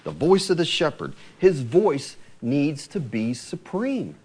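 Guy preaching a sermon, kinda high voice, swings all over, quotes scripture with punch. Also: slow pace, husky. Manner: lively preaching, quoting scripture with rising emphasis.

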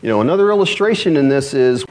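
Speaking quickly in a medium-pitched voice, this male pastor preaches with animated, conversational energy and keeps tossing rhetorical questions at his congregation.

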